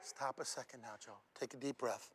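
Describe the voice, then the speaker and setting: A man giving a motivational talk to students at a school assembly, animated and breaking into shouts. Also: medium pitch, fairly quick, heavy background noise. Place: large school hall. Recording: reverberant hall with audience.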